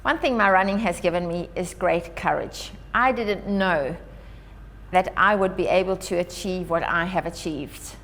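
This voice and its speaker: A woman's voice: lowish voice, a little slow, a bit bright. A woman from Africa, giving an earnest, upbeat public address as an Australia Day ambassador. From South Africa. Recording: long hall reverb.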